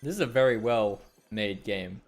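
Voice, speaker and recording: A man's voice: fairly low pitch, moderate pace, soft background music. A man giving playful reaction commentary while playing a game, joking, swearing and mimicking characters. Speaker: gaming streamer.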